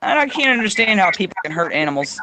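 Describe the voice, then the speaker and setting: A man's voice: sing-song, fast, bright, forceful tone. A man hosting a casual political chat, talking emphatically. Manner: emphatic, swings into high mock voices. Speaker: host.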